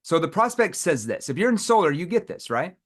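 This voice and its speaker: A man leading a live sales training seminar, animated and demonstrating questions in a challenging tone. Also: on the high side, a little fast.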